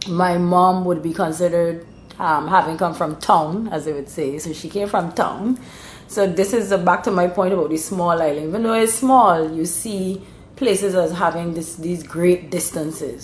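A woman from Barbados with a Barbadian accent, explaining things in a thoughtful, casual way with frequent restarts. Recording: roomy room, faint rumble.

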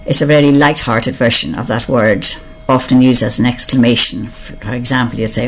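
An older speaker with an Irish accent and a medium-pitched, steady voice reads a word list aloud one word at a time. They muse slowly on each meaning, explaining it or admitting they're unsure. Faint music plays behind.

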